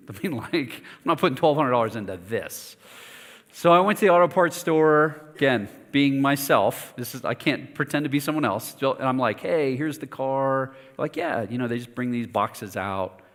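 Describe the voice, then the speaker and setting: Lively pastor telling a story in a reverberant hall. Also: male voice, medium pitch, brisk. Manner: animated storytelling, self-mocking, lively asides. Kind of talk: sermon with personal story. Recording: long reverb of a church hall.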